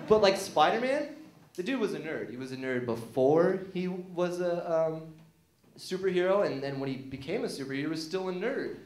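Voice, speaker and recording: A young man doing a stand-up set that rambles and trips over its own fillers. His voice sits fairly high and swings around a lot. It echoes through a small theater room. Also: expressive, normal speed, a little mellow. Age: young adult. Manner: rambling, self-deprecating, many fillers and restarts. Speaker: stand-up comedian. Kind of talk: stand-up routine.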